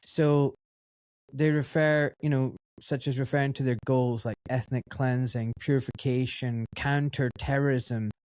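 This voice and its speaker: A man hosting a podcast interview, summarizing his guest and telling stories in a lively, chatty way. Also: medium pitch, measured pace, clean tone, no echo, studio quality. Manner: summarizes and tells stories, animated. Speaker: podcast host. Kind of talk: casual interview chat.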